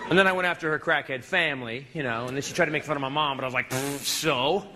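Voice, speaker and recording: Brief: male stand-up comic, animated storytelling, bright high voice, noisy live club audio. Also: rapid-fire, a faint crowd. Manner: animated, acts out scenes with shifting voices. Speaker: stand-up comedian. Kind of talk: stand-up comedy.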